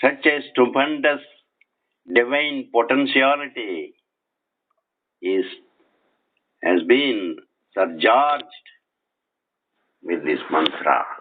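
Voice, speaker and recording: A man giving a spiritual lecture while lying in bed, speaking slowly and deliberately and repeating and spelling out words, recorded on a cell phone resting on his chest. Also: medium pitch, narrow, tinny audio. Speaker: spiritual teacher. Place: bedroom at night.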